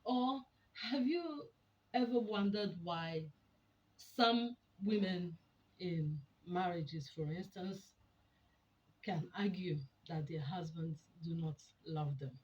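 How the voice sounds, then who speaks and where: A woman giving a teaching talk to an audience, deliberate and emphatic, often asking rhetorical questions. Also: lowish voice, darkish tone, lo-fi sound. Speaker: speaker on a women's program.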